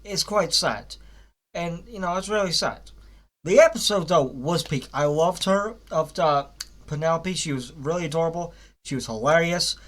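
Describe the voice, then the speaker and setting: A man's voice: on the high side, normal speed, a bit bright. A young man giving a casual, rambling spoken review of a cartoon series, with frequent fillers, restarts and blunt swearing.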